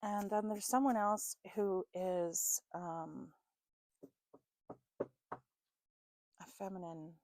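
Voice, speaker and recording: A woman's voice: mid-range voice, takes it slowly, hardly any pauses, darkish tone, no echo. A North American woman doing a casual tarot and spirit box reading, musing aloud and often checking in with "okay?". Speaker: tarot reader.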